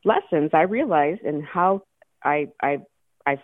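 A woman phones in to a talk show, her voice swinging widely in pitch as she laughs and gets choked up mid-story. It comes through a thin, tinny phone line with a dry, close sound. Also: animated, a little slow, dry recording. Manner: laughing, tearful storytelling with restarts. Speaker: caller. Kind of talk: emotional call-in story.

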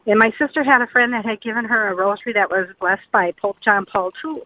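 A woman calling in to a radio show, sharing her story in a hurried, earnest way. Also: mid-range voice, no room sound. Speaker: caller. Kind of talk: call-in testimony. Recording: tinny phone line, dry.

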